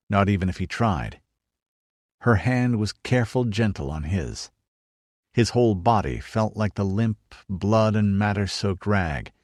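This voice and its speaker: A man reads an audiobook in a low, measured voice. The recording is dry and close, with no room sound. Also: darkish tone, no room sound. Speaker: audiobook narrator. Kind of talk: scripted narration.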